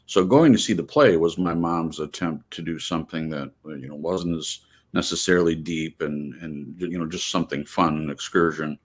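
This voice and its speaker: A man sharing a personal memory in a casual, halting way, with many fillers and restarts. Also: extremely low pitch, slightly rough.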